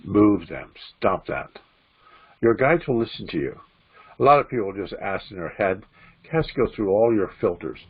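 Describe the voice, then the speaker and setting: A man's voice: lowish voice, animated, a little fast, breathy edge, phone-quality sound. A man, a spiritualist minister, giving an informal, repetitive spiritual teaching talk and acting out inner voices.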